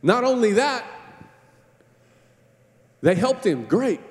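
A man's voice: very high voice, very animated, slow. A man in his thirties preaching a sermon as campus pastor, telling stories in a chatty, joking way with acted-out quotes. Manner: conversational, jokey storytelling with acted-out quotes. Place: church sanctuary. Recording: long hall reverb in a church.

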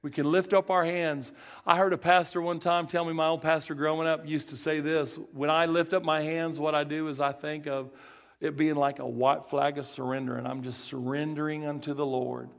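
A man's voice: fairly high pitch, little pitch movement, normal speed, vocal fry, fairly bright tone, muffled recording. A man with a Southern country accent preaching a sermon in a folksy way, repeating key phrases and restarting his sentences. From rural Texas. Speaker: guest preacher.

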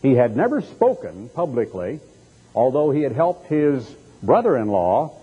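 A man's voice: medium pitch, very animated, unhurried, slightly rough. A male radio evangelist delivering a broadcast sermon, firing off emphatic rhetorical questions. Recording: dull lo-fi recording.

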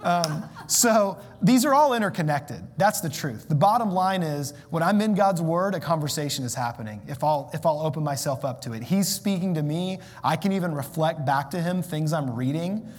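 A man preaching a sermon, conversational and self-deprecating, with animated asides. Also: a little high, normal speed, hardly any pauses. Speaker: pastor. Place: church sanctuary. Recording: long hall reverb.

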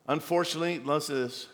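A man's voice: on the high side, big-room sound. A male pastor preaching a sermon, exhorting the church with playful asides and mock voices of the congregation.

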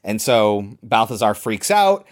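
A podcast host recaps a film casually and in detail, retelling scenes and acting out quoted lines. His voice sits on the low side, sing-song and a little slow.

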